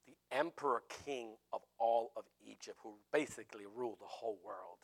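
A man preaching a sermon in an animated way, with jokey asides. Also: medium pitch, brisk.

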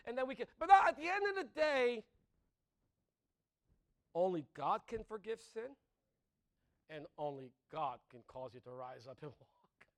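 Lively high-voiced male preacher. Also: unhurried, long pauses. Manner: conversational, rhetorical questions, laughs at own jokes. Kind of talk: sermon.

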